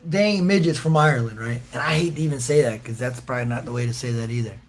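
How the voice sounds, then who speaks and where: A livestream host with a medium-pitched voice talks fast while reading out comments from his chat. He answers them casually, in a joking, slangy manner, and laughs frequently.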